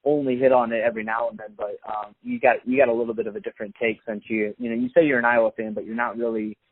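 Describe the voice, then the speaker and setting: A man's voice: medium pitch, level tone, fast, slightly rough, dry recording. Podcast host man on a tinny line. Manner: hesitant, many fillers and restarts. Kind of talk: casual podcast talk. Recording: phone-like, dry sound.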